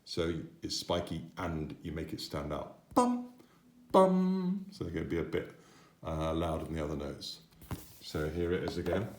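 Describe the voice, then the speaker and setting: A man's voice: extremely low pitch, little pitch movement, normal speed, slight background noise. A man teaching children a piano piece, patient and encouraging, sometimes singing the note patterns. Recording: roomy echo, piano playing.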